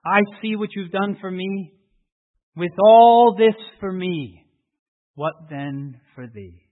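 A man preaching a sermon, telling a story and then making emotional appeals that swell and drop to hushed prayer. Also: high voice, takes it slowly. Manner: emotional, rising to fervent appeals and dropping to hushed tones. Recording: tinny phone-like audio.

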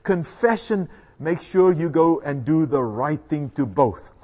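A middle-aged man preaching with an animated, lively voice that sits a little high for a man. He drives his points home emphatically, quizzing his listeners and repeating key words. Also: measured pace. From South Africa. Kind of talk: sermon.

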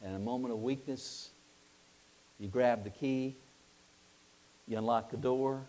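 Lively man preaching a sermon. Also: medium pitch, a little slow. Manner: lively storytelling, acting out voices, asks the audience questions.

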